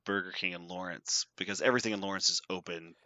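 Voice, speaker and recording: A man's voice: low-pitched, fairly even intonation, fast, bright, forceful tone, no echo. A young man on a podcast telling a story in casual chat, acting out quotes and laughing often. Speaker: podcast host.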